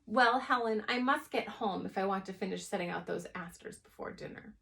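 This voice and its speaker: A woman reading aloud, voicing a brisk, no-nonsense neighbor who speaks firmly. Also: medium pitch, creaky, fairly bright tone, distant mic. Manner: firm, matter-of-fact.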